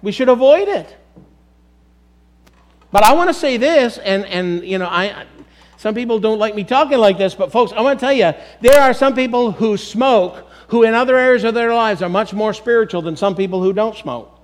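A middle-aged man with a high voice preaches from the pulpit. He speaks emphatically and addresses his congregation directly. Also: normal speed. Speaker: pastor. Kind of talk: sermon.

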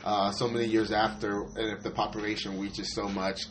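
Profane, excitable man on a podcast. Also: on the low side, fairly quick, slight background noise, low-quality recording. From United States. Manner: loud, profane, laughing, mimics people. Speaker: podcast co-host. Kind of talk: casual podcast chat.

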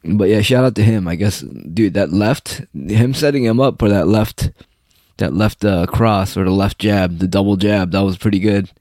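Low-voiced young man ranting profanely. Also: normal speed, a little mellow, no echo, clean studio sound. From United States. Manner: profane, rambling, mocking. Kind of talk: casual ranting monologue.

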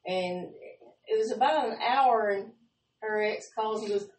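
A woman telling lively, laughing stories in a casual chat. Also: fairly high pitch, unhurried. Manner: animated, laughing storyteller, drawling. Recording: echoey room, far from mic, faint noise.

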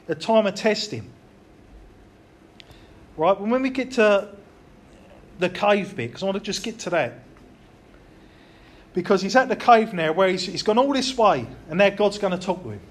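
Man, high pitch, earnest, repetitive, informal sermon. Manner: earnest, repetitive, conversational preaching. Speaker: preacher.

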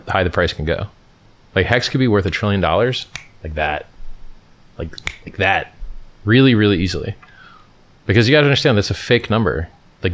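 Deep-voiced emphatic man from California. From Stockton, California, USA. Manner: emphatic, repeats phrases and restarts often. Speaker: livestream host answering viewer questions. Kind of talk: casual livestream chat.

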